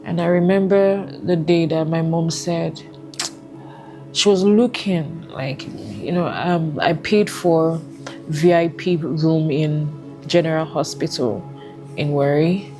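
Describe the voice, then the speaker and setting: A Nigerian woman giving a personal testimony, speaking haltingly with emotional pauses. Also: low-pitched, warm tone, faint music behind. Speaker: testimony guest.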